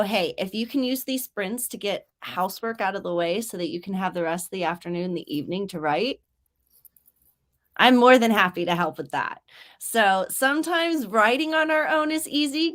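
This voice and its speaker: A woman's voice: mid-range voice, fairly bright tone. A woman hosting a casual writing livestream, chatty and upbeat, reading viewer comments aloud. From grew up near Mexico. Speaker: host of writing sprint livestream.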